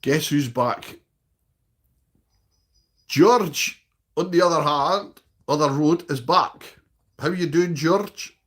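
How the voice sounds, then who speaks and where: A man's voice: fairly high pitch, animated, slow pace, long pauses. A man with a Scottish accent chatting casually on a live stream, reading out and answering viewers' comments in a blunt, sweary way and often tagging "okay?" onto his sentences.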